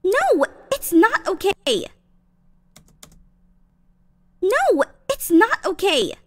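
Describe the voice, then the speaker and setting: A woman voicing an anxious, apologetic young warrior girl in a fan audio drama, asking high, breathless, worried questions. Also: wildly swooping pitch, takes it slowly, dry recording, full character voice. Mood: upset.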